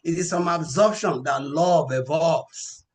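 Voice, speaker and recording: A man preaching a scripture class, measured and emphatic, quoting verses. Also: on the high side.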